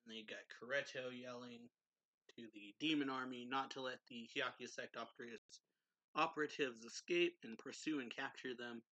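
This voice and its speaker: Bright-voiced young man rambling through a recap. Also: medium pitch, fairly even intonation, moderate pace, no echo, low-quality recording. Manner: rambling, heavy use of "like". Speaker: manga reviewer. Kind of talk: casual chapter recap.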